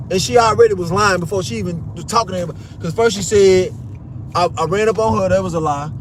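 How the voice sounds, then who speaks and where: A young man with a high voice rants through a story in a heated, profane vlog. He jumps into raised voices whenever he quotes someone. Faint noise hums behind him. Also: a little fast. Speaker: vlogger. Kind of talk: animated storytelling rant.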